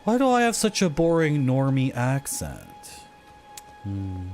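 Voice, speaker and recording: A woman's voice: rumbling low, wildly swooping pitch, a little slow, a little mellow, faint music behind. A woman streamer rambling through casual, self-mocking gaming commentary.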